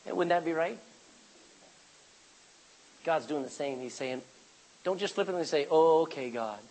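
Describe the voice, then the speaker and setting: A middle-aged man preaching a sermon as pastor, swinging from quiet asides to sudden loud cries. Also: fairly high pitch, measured pace, low-quality recording.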